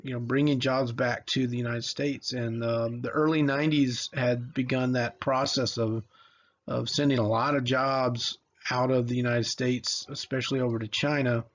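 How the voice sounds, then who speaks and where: A man's voice: medium pitch, flat delivery, normal speed, dull audio. A man in his forties from Mississippi, giving a casual history lecture in a conversational, rambling way, with many fillers and restarts. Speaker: history teacher.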